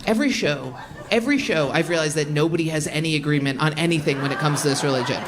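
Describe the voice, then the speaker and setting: A woman's voice: low-pitched, animated, quick pace. A woman stand-up comedian doing crowd work on a club stage, brash and profane as she riffs with the audience. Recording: roomy club sound with loud audience.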